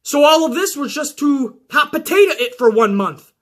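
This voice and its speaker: A man hosting a show, recapping wrestling in an excitable, heavily profane casual way. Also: very high-pitched, normal speed.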